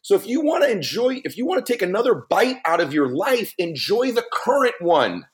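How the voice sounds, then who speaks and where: A man's voice: high voice, big pitch swings, brisk. A middle-aged man, a podcast guest, telling a funny story in conversation and laughing as he mimics voices.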